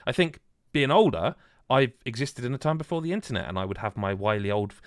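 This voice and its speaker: A man's voice: mid-range voice, lively intonation, a little fast, dry recording, studio quality. A man hosting a casual gaming podcast, rambling and joking with lots of restarts. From Wales. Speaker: podcast host. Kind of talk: casual chat.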